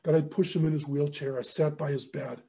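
A man's voice: a little high, a little fast. A middle-aged man telling a faith story as a guest speaker, acting out both sides of each conversation. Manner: animated, acts out both sides of dialogue. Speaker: ministry leader and guest speaker. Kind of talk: storytelling testimony.

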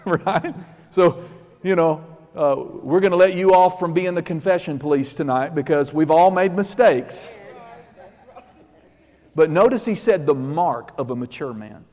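A man preaching a sermon, animated, acting out quotes and rising to shouts. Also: on the high side. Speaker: pastor. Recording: long hall reverb.

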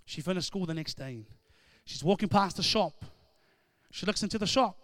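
A man preaching a sermon, moving between conversational storytelling and loud, emphatic call-and-response. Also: sits high, expressive, moderate pace, dry recording, studio quality.

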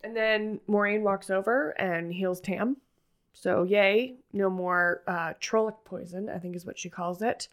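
A woman's voice: mid-range voice, fairly even intonation, unhurried. Woman in a mid-range voice retelling an episode, lots of likes, quoting characters. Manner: lots of "like" fillers, retells scenes with quoted lines. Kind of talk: casual TV recap chat.

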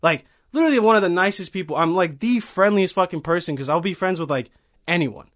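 A man's voice: sits high, animated, quick pace, a bit bright. A man in his early twenties, from Bosnia, telling a heated, profane story in casual chat. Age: early 20s.

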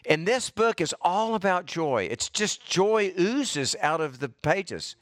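A man's voice: high voice, sing-song, takes it slowly, a bit bright, no room sound, clean studio sound. A middle-aged man, preaching a fervent, fired-up sermon as pastor.

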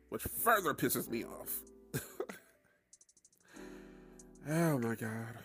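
Profane, animated man hosting a podcast. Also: medium pitch. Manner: animated, profane, laughing storyteller. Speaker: podcast host. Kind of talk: casual solo podcast monologue.

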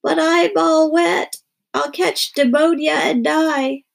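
A tearful, dramatic little girl from a storybook, wailing and protesting in a raised, gravelly voice, as a woman reader puts her on. The tone is breathy and rough, and her complaints come out high and pleading. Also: expressive, unhurried, a little mellow, heavily acted. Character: young girl, dramatic crybaby.

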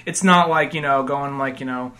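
A man's voice: mid-range voice, moderate pace, sharp tone. Rambling male podcast co-host. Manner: rambling, trailing off. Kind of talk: casual chat.

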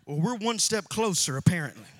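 Impassioned high-voiced male preacher. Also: expressive, brisk. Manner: impassioned preaching, swings from shouts to quiet asides. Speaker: pastor. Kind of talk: sermon. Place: church sanctuary.

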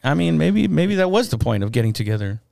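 A man chatting casually in a laid-back, halting way, often clearing his throat. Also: a little high, big pitch swings, a little mellow, dry recording, clean studio sound. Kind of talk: casual crude chat.

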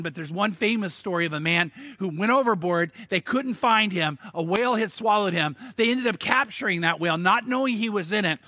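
A man preaching a sermon, telling the story in an animated way with stammered restarts and sudden emphatic bursts. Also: high voice, no echo, studio quality. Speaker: pastor.

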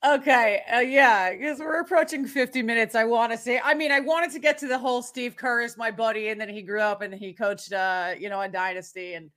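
A woman's voice: on the high side, brisk, few pauses, a bit bright. A woman hosting a podcast, chatty and steering the conversation. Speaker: podcast host. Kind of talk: casual podcast chat.

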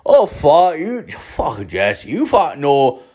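A man's voice: on the high side, wildly swooping pitch, takes it slowly, a little mellow, slightly rough, voice pushed up, heavily acted. A man putting on a foul-mouthed working man with a Newfoundland accent who rambles and swears in every phrase. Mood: rambling.

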